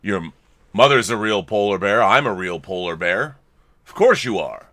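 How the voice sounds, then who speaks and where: A man doing a low, fatherly polar bear dad. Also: animated, moderate pace, sharp tone. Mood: reassuring. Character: reassuring middle-aged male polar bear father.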